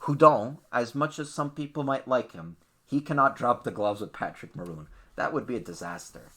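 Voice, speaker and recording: A man's voice: medium pitch, expressive, normal speed, fairly bright tone. A man hosting a sports podcast, talking bluntly and opinionatedly in a ranting, casual way. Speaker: podcast host.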